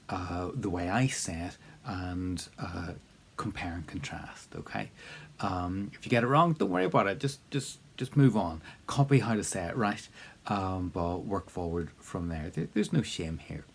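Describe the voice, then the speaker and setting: A man leads a spoken language lesson in a relaxed, encouraging tone, breaking things up with fillers and repeated prompts to say each phrase out loud. His voice sits very low and has a husky grain to it. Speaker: language teacher.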